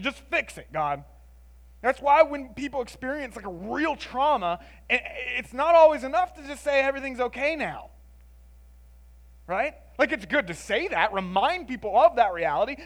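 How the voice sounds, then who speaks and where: A man preaching a sermon in an expressive, conversational way, moving between emphatic lines and hushed ones and often adding "like" and "right?". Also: very high-pitched.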